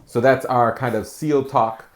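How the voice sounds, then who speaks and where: Guy hosting a card game podcast, talks quick with lots of ums, pretty echoey room. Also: medium pitch, steady tone. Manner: quick and analytical, many fillers. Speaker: podcast host. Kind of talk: casual card game strategy chat.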